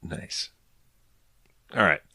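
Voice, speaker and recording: A man hosting a podcast, recapping an episode in an animated, casual storytelling way with a lot of swearing. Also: extremely slow, no echo, studio quality. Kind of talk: casual chat.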